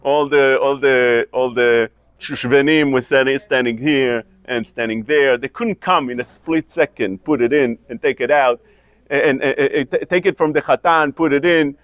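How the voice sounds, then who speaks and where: A man's voice: medium pitch, moderate pace, smooth, dry recording. A man, a rabbi, teaching a Talmud lecture to a study group, asking and answering his own questions with many restarts. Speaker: rabbi teaching a kollel class.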